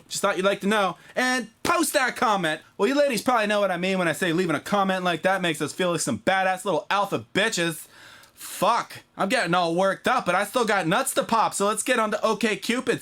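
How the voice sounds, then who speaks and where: A man voicing a brash, crude young woman who boasts while hunting for boyfriends online. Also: bright, forceful tone. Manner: crude, boastful, shrill and mocking. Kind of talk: comedy sketch character.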